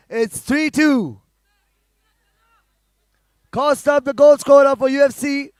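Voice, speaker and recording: Man, football commentator, very high voice, dry close sound, fast play-by-play calls. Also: dry recording. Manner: rapid play-by-play, rising to shouts at goals. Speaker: match commentator.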